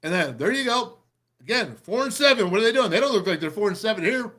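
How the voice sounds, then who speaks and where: A middle-aged man hosting a show, excitedly breaking down football game film in a rambling, pumped-up way. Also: sits high, quick pace.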